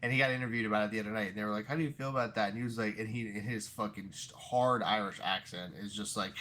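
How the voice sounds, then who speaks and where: Young male podcast co-host, sharp bright voice, slightly low, casual and profane. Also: fast. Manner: animated storyteller, swears freely, acts out quotes. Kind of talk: casual sports chat.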